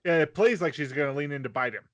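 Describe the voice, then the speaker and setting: A man's voice: on the high side, fast, a bit bright. A man on a casual podcast explaining anime plot points and adding details to his co-host's recap. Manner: explanatory, adds details and corrections to his co-host. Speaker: podcast co-host.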